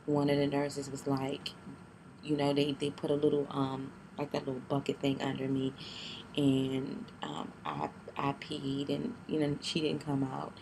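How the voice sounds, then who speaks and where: A young woman tells a painful personal story to her camera, in a low, gravelly voice that barely rises or falls. She speaks haltingly and tearfully, restarting often and keeping her voice down. Clear noise runs behind her recording. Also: completely flat delivery. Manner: keeps her voice down. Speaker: vlogger.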